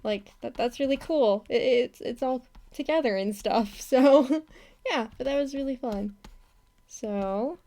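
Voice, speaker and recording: A woman's voice: sits high, measured pace, dark tone. A young woman from the United States chatting casually on a live stream while she animates, talking in a chatty way with lots of laughs and self-corrections. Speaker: animator streaming her work.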